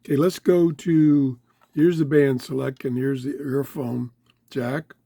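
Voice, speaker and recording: A man with a voice going hoarse, chatting excitedly as he tries out a small radio in his home office. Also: mid-range voice, unhurried, dry recording. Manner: chatty, easily excited, talks while fiddling. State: losing his voice, throat-clearing. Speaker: radio reviewer. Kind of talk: casual hands-on product review. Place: home office full of electronics.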